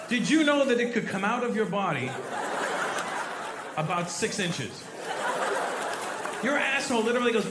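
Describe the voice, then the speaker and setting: A man doing a stand-up comedy set on stage before a live audience, telling a profane, animated story and bantering with the crowd. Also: high-pitched, moderate pace, pauses often, reverberant, noisy background.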